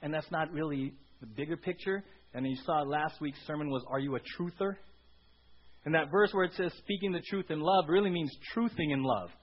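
Male pastor, high and husky, conversational sermon with lots of "right?", dull lo-fi recording. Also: normal speed. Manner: conversational, frequent "right?" asides to the congregation.

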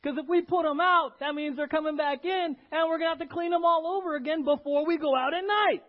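A man's voice: mid-range voice, wildly swooping pitch, moderate pace, husky, pitched below the performer's own voice. A man voicing a tired, irked fisherman who grumbles and talks down to a newcomer. He mocks with a dismissive edge. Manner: grumbling, mocking. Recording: dull lo-fi recording.

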